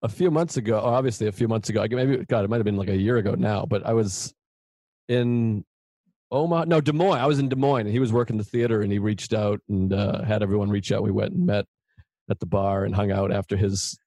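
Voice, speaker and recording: A man who hosts a comedy podcast, telling relaxed, self-mocking stories from his early years in stand-up. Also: lowish voice, quick pace, no room sound. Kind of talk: casual conversation, storytelling.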